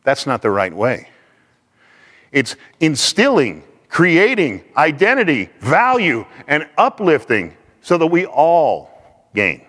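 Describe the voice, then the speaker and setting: A man teaching a class in an animated way, acting out the people he quotes. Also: on the high side, slow. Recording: long hall reverb.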